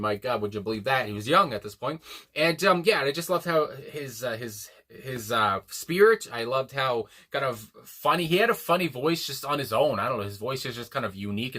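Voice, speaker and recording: A man with a bright, forward-sounding voice talks casually about a song he just heard. He rambles, restarts his sentences and fills gaps with ums and uhs, dropping a casual swear here and there. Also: mid-range voice. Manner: rambling, many fillers and restarts, laughs to himself. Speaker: music reaction host. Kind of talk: casual music reaction talk.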